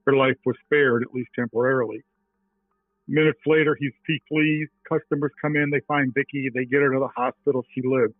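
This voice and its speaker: A man's voice: medium pitch, steady tone, fairly quick, no room sound. A middle-aged reporter telling a story in an interview, acting out his phone calls as he goes. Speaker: TV reporter and author, interview guest. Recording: tinny phone-line sound.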